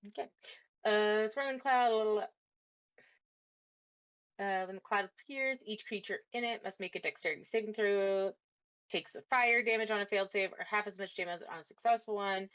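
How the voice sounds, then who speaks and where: A woman's voice: medium pitch, normal speed, fairly bright tone. A woman playing a tabletop game, reading out a spell hesitantly with many fillers. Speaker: player. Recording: dull lo-fi mic.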